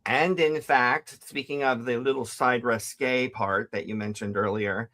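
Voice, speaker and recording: A man's voice: mid-range voice, steady tone, unhurried, sharp tone. An older man from the Ozarks with a Southern accent, hosting a casual, playful chat. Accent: Southern American (Ozarks). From Ozarks, USA. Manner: playful, chatty, laughs easily. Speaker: host.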